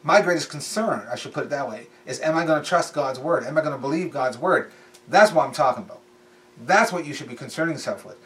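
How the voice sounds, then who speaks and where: A man's voice: on the high side, lively intonation, quick pace, a bit bright, distant mic. A man preaching in a casual, conversational way, repeating phrases for emphasis. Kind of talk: sermon.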